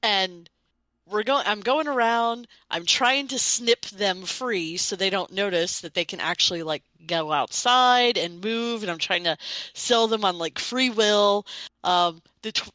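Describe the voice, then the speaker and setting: Animated woman host with a bright, slightly high voice, self-mocking storyteller, recorded dry. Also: a little slow, no room sound, low-quality recording. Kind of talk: casual storytelling chat.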